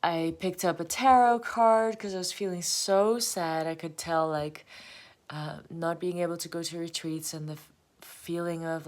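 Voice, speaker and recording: Slow-spoken woman musing to camera. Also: on the low side. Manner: rambling, laughs often while talking. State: emotional, close to tears. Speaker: vlogger. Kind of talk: confessional casual monologue.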